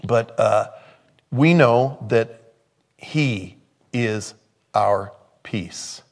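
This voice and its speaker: A male pastor delivering a sermon, moving from quiet scripture reading to loud, emphatic preaching. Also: medium pitch, extremely slow, creaky.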